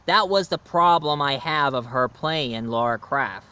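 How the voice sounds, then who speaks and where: A man's voice: medium pitch, lively intonation, a little slow, pushed and bright, clear, resonant tone. A man from the United States chatting in a rambling way through a casual video review, laughing at his own jokes.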